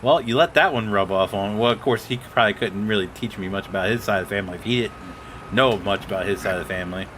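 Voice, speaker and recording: A man's voice: fairly low pitch, fast talker, a bit bright, slight background noise. A man hosting a casual gaming stream, telling a rambling story and quoting family members. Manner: rambling storyteller, quotes others. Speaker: streamer host.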